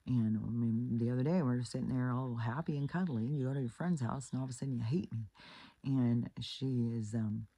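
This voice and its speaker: Woman, husky, gravelly, blunt, swears a lot, casual advice monologue, acts out quotes. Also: extremely low pitch, fairly quick, dark tone, no room sound. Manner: blunt and profane; retells stories with acted quotes. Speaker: relationship advice vlogger.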